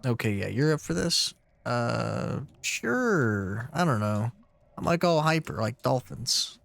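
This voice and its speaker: A man streaming a game, reading its dialogue aloud slowly and quietly, with playful asides in between. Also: mid-range voice, sing-song, gravelly. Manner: slow and subdued when reading, with playful asides. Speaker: let's play streamer.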